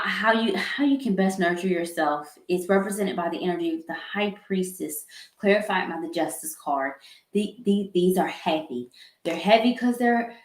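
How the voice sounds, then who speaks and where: A woman giving a live tarot reading in a slow, earnest, halting way, with sighs and repeated words. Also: fairly low pitch. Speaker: tarot reader. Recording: echoey room.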